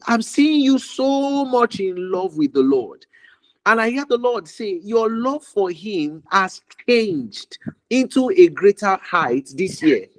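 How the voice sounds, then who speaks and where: A man's voice: high voice, no echo, poor audio. A man ministering prophetically over a call, declaring fervently with much repetition and sometimes dropping to a whisper.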